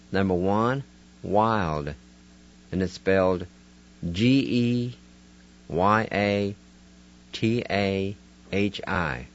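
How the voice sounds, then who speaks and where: A man's voice: fairly low pitch, muffled recording. A man teaching a radio vocabulary lesson, spelling words letter by letter and sounding them out syllable by syllable. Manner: patient, deliberate, syllable by syllable. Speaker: language teacher on a radio segment.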